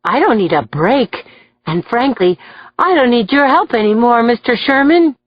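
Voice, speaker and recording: An unstable adult man on the witness stand, his voice pitched up and thick with feeling, put on by a woman narrator. The audiobook sound is close and dry, a little dull. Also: animated, slow pace, no echo. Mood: agitated. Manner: raised, agitated, emotional. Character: troubled adult male defendant, unstable.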